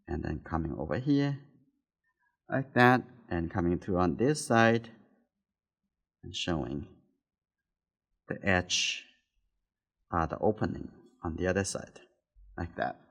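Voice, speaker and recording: Soft-spoken man teaching painting. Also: sits low, animated, slow, vocal fry, long pauses. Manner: soft-spoken, talks while painting, nonnative phrasing. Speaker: art teacher. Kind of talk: painting demonstration.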